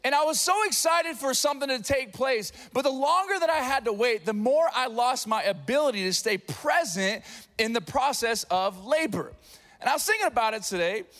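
A man with a high, bright pitch preaches to his congregation in a church. He tells stories with energy, dropping low and quiet, then rising loud. He sounds like a pastor in his thirties. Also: normal speed. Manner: animated storytelling, swinging from hushed to loud. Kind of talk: sermon. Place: church sanctuary.

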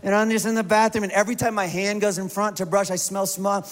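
A male pastor with a high-pitched voice tells a story to his congregation in a lively, self-deprecating way. His words tumble out in quick bursts. A long reverb from the large church hall trails each phrase. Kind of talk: storytelling sermon.

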